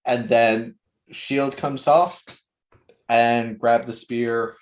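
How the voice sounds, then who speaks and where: A man describes his character's moves step by step in a tabletop game. He speaks slowly and deliberately, at an everyday pitch. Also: fairly even intonation. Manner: slow, deliberate describing of actions. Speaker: player. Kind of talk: casual tabletop game chat.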